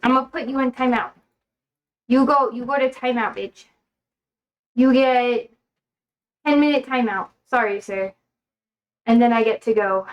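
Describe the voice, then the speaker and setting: A woman's voice: on the high side, unhurried, pauses often, dull audio. A young woman hosting a livestream in casual chat. She rambles, swears and talks bluntly, and she is feeling unwell. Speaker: livestream host.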